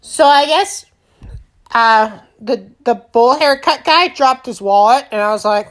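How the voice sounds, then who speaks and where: Slow, rambling woman host. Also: on the high side. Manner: rambling and silly, with lots of filler sounds. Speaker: gaming channel host. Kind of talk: playful game recap narration.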